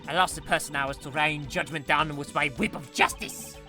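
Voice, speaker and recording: A man's voice: on the high side, a little fast, soft background music, voice pushed up, close to an everyday voice. A man voicing a haughty, cruel young woman prosecutor who speaks imperiously. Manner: imperious, sadistic.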